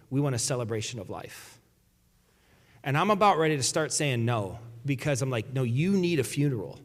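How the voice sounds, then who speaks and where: A man's voice: mid-range voice, big-room sound. A man preaching a sermon as a pastor, talking in a conversational way and often restarting his sentences. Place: church sanctuary.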